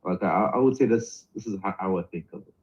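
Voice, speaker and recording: A man's voice: low voice, fast talker, darkish tone. A man talking in a casual live-stream chat, hesitant, with many repeated starts and fillers. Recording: dull lo-fi sound.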